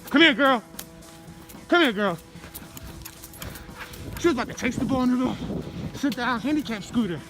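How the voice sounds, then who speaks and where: A man vlogging while jogging outdoors with his dog, out of breath, excitable and full of slang. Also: very high voice, moderate pace, pauses often, faint music behind. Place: outdoors on a street. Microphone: handheld camera.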